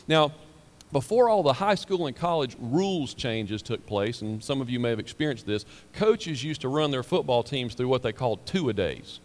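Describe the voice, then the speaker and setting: A man preaching to his congregation in a conversational, emphatic way, often repeating words for weight. His voice carries a long hall reverb from the church sanctuary. His pitch is average for a man. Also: animated, moderate pace. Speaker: pastor. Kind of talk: sermon.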